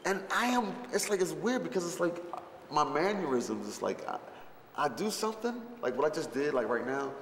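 A man's voice: fairly high pitch, normal speed, slight background noise. A man telling stories in a casual interview, rambling and profane, full of fillers and restarts, acting out what others said. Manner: animated storyteller who acts out others' lines. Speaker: interviewee recalling a film shoot. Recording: echoey hall with long reverb, faint ambience.

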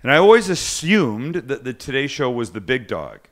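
Sing-song and medium in pitch, the man hosting this live cooking show chats at a moderate pace. He rambles, breaks off mid-thought, and trades jokes with his co-hosts.

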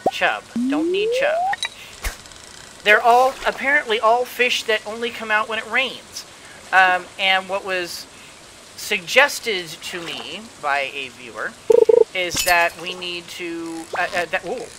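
An unhurried let's play host narrates gameplay at a leisurely pace, thinking aloud. They burst into excited exclamations as they cheer the game on. A clear, steady rain sound from the game plays behind the voice. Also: medium pitch, noisy background. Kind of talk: gameplay commentary.

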